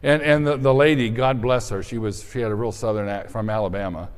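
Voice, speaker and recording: Pastor guy preaching, smooth clear voice, chatty with lots of restarts, big echoey church. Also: mid-range voice, fairly even intonation. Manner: conversational, prays slowly then tells stories with restarts. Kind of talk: sermon. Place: church sanctuary with congregation.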